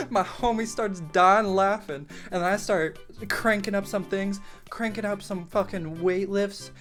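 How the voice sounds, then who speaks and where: A young adult man telling a camp story in a casual, profane, animated way, full of slang and "like". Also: sits high, a little slow, soft background music. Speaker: storytime YouTuber.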